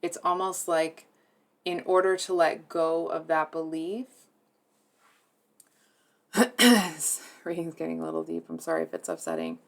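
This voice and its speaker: Low-voiced woman giving a tarot reading. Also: expressive, measured pace, vocal fry, pauses often. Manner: soft, hesitant, many fillers and restarts; earnest and emotionally moved. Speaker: tarot reader.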